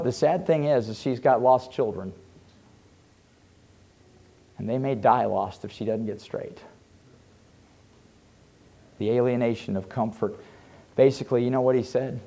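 A male pastor preaching a sermon, dropping to hushed low asides and rising to loud fervent pleading.

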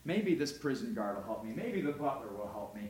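A man's voice: on the low side, moderate pace, pitched below the performer's own voice, natural voice. A preacher voicing a humble, prayerful young man. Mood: quiet. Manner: earnest, prayerful.

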